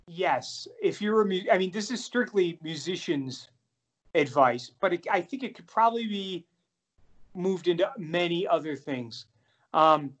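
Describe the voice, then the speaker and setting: A middle-aged man, a jazz pianist, telling animated, self-deprecating stories in a casual interview. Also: high-pitched. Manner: animated, self-deprecating anecdotes with many restarts.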